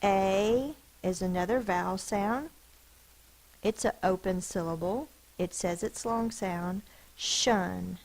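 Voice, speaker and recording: Female elementary teacher, deliberate phonics delivery, slightly gravelly voice. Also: medium pitch, darkish tone, low-quality recording. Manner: slow, deliberate, sounds out each letter and syllable. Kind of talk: phonics lesson, sounding out words.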